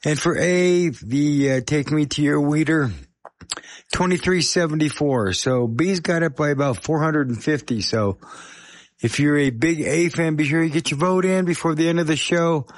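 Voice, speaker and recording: A man hosting a radio music show, talking casually in a scratchy, hoarse voice while fighting a chest cold and coughing now and then. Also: a little high, moderate pace, no echo. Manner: chatty, self-deprecating, apologetic.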